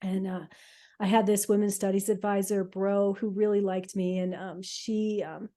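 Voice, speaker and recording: Middle-aged woman on a podcast, mellow warm voice, halting and emotional, lots of ums. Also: medium pitch, level tone. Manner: emotional, halting, many fillers and restarts. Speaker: podcast co-host telling her story. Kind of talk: casual personal storytelling.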